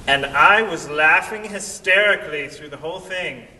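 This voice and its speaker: Man, very bright voice, animated storyteller, long cave echo, far from the mic, faint rumble. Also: moderate pace. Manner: animated, acts out quoted voices. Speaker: vlogger. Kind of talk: storytelling vlog.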